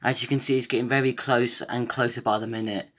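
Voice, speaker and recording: A young man hosting a casual vlog, out of breath and excited, rambling with restarts. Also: mid-range voice, fast talker. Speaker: gaming YouTuber.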